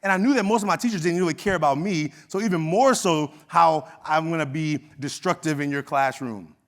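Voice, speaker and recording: Middle-aged man, Oakland accent, slightly higher voice, conversational keynote storyteller. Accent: Oakland, California. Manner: conversational, animated, acts out quoted dialogue. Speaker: keynote speaker. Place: conference hall stage.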